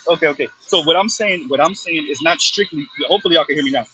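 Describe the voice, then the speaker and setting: A man's voice: a little high, quick pace, pushed and bright, slight background noise. A man hosting a casual panel discussion over a call, talking emphatically and repeating himself when he cuts in. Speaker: host. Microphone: remote call microphone. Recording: muffled lo-fi call audio.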